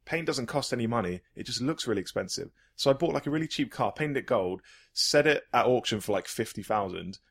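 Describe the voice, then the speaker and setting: A man's voice: mid-range voice, lively intonation, brisk, creaky, a bit bright, husky. A man chatting enthusiastically on a podcast, rambling with frequent restarts. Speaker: podcast host. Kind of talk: casual podcast chat.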